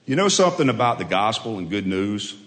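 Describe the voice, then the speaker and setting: A man's voice: fairly low pitch, very animated, fairly quick, fairly bright tone, in a large hall. A man who coaches football, preaching a sermon with folksy storytelling and emphatic repetition.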